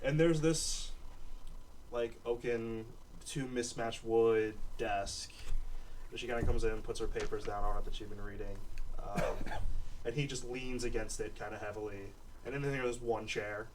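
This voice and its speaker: A man's voice: mid-range voice, steady tone, normal speed. Laid-back male game master off-mic. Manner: laid-back, loose, many fillers. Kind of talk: narrating a tabletop game. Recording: distant mic, faint hiss.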